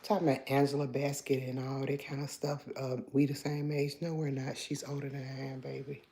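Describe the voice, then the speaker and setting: A woman hosting a casual morning livestream from home, greeting viewers by name and chatting with some sass, now and then dropping to a low voice. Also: level tone, fairly quick, dark tone. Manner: talks low at times so as not to wake the house. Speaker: livestream host.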